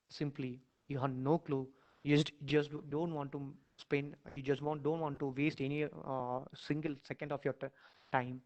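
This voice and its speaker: A man with an Indian English accent, lecturing and leading listeners through a dramatic imagined scene, repeating phrases and surging loud in emotional stretches. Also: on the high side, poor audio. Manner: dramatic, repetitive, rising to near-shouts in emotional passages. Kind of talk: guided imagination exercise in a lecture.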